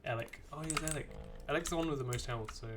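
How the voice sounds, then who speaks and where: A streamer plays a video game and talks fast in a slightly high voice, rambling through casual live commentary and chatting with the on-screen characters. Game music and other background noise sit behind him.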